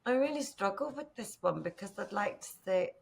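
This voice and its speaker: A woman's voice: medium pitch, lively intonation, a little fast, creaky. A woman from northern England, a podcast guest, chatting casually with lots of fillers and rambling asides. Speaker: podcast guest, company founder. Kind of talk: casual conversational interview.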